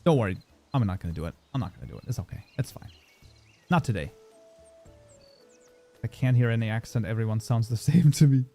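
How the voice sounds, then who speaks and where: This German man, born in Germany and speaking with a German accent, hosts a casual livestream tutorial on modding, chatting as he works and reading viewer messages aloud to answer them. His voice is medium-pitched and warm, with lively intonation and a fairly quick pace broken by long pauses. Faint music plays behind him.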